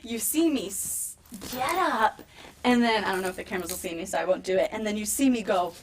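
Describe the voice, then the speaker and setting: A woman in her thirties tells stories in a casual interview, acting out what people said with sudden jumps in her voice. She sits a little back from the mic, with faint noise behind her. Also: fairly quick. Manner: animated, acts out quotes with big pitch jumps. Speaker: wrestler, interview guest. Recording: slightly distant mic, faint room noise.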